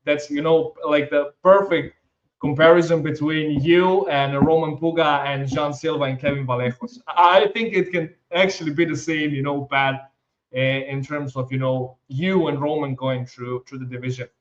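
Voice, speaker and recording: A man with a somewhat high voice asks long questions, stumbling over words and repeating himself in slightly non-native phrasing. The audio is dull and muffled, with a lo-fi edge. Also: steady tone, normal speed. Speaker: interview host. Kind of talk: casual interview questions.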